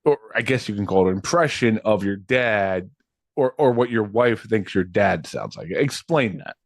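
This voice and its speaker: A man's voice: fairly low pitch, lively intonation, normal speed, vocal fry, dry recording. A man hosting a podcast, chatting loosely and laughing easily, with many restarts. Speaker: podcast host. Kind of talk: casual chat.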